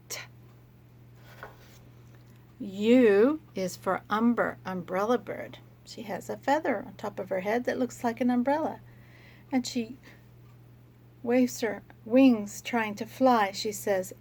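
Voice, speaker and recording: Woman teacher, slow and slightly gravelly, gentle phonics lesson for kids. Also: mid-range voice. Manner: slow, gentle, sounding out letters for children.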